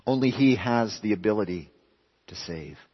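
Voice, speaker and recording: A man's voice: fairly low pitch, animated, moderate pace, husky. Preaching man in an echoing hall. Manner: emphatic preaching, swinging between raised and hushed. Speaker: pastor. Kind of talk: sermon. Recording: reverberant hall, dull lo-fi sound.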